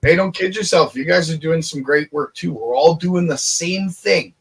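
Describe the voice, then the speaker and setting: A man, an inventor, talking in a relaxed group video chat, animated and quick to laugh and swear. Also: on the high side, breathy edge. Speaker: inventor and show guest.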